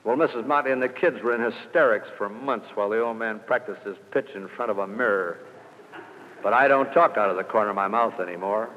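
A middle-aged man giving an anecdotal sales talk to a live audience, hammering home his points with emphatic rhetorical questions. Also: medium pitch. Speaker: sales speaker. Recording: dull old radio recording in a reverberant hall.

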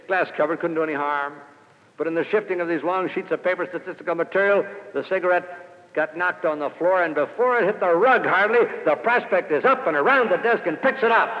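A middle-aged man giving an anecdotal sales talk to a live audience, hammering home his points with emphatic rhetorical questions. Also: fairly high pitch. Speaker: sales speaker. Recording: dull old radio recording in a reverberant hall.

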